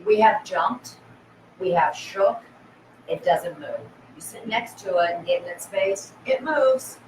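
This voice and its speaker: A woman's voice: medium pitch, a little slow, slight background noise. A woman hosting a live-stream interview, asking casual guiding questions. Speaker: host. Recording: echoey room, far from mic.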